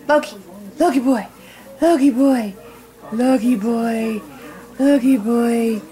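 A woman's voice: high voice, takes it slowly, pauses often, mellow. A woman talking baby talk to her dog into a camcorder, coaxing and repeating praise in a sing-song way. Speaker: dog owner.

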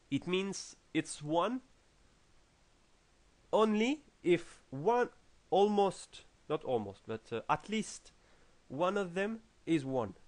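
A man with a French accent explaining programming logic in a tutorial, halting with many fillers and restarts. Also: a little high. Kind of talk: screen-recorded coding tutorial.

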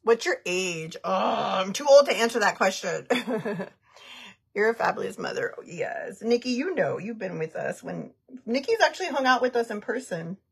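This woman's voice is mid-range, gravelly, husky and a bit bright. She's a makeup artist in her thirties doing a livestream tutorial, laughing a lot and giving blunt, chatty replies to viewer comments as she works on her makeup.

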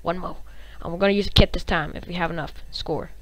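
A woman hosting a gaming channel, giving live gameplay commentary in an excitable, reactive way, cursing and humming little tunes. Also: lowish voice, fast talker, no echo, poor audio.

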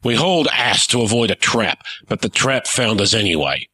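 A man voicing a gruff, blustering pirate airship captain who barks orders. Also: lowish voice, animated, normal speed, sharp tone, full character voice. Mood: gruff commanding.

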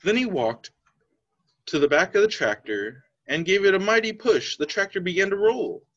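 A male teacher reading a picture book aloud to young children. His somewhat high voice rises and falls very expressively. The sound is slightly dull and lo-fi. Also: normal speed. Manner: expressive, lively storytelling.

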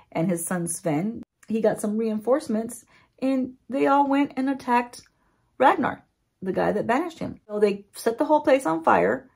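Gravelly, husky-voiced woman vlogger. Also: medium pitch. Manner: chatty and animated, casual swearing. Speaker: beauty vlogger. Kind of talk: casual story recap.

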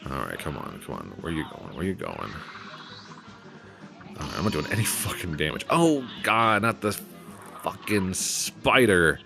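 A man's voice: low voice, sing-song, measured pace, creaky, music in the background. A man giving casual gameplay commentary, swearing often and joking at his own expense. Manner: swearing, self-mocking jokes. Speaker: let's play commentator.

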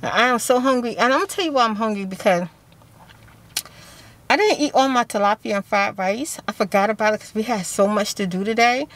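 A woman's voice: on the high side, brisk, a bit bright, rough recording. Chatty woman vlogging from her car. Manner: chatty, rambling, laughs often. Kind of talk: casual vlog chat.

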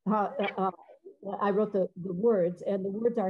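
A middle-aged woman composer giving a conversational talk, halting and searching for words, sometimes singing short phrases to demonstrate. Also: medium pitch, fairly even intonation, dull audio. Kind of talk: conversational talk with many fillers and restarts.

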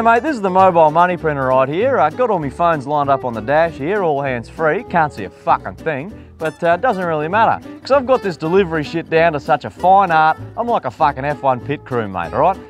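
A swaggering Aussie delivery bloke, as a man acts him out, bragging and cursing with a lively, bouncing delivery. His voice sits a little high for a man and swings all over the place as he boasts about gaming the system. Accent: Australian. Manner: boastful, swearing, slangy. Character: brash cocky male food delivery driver. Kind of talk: comedy sketch.

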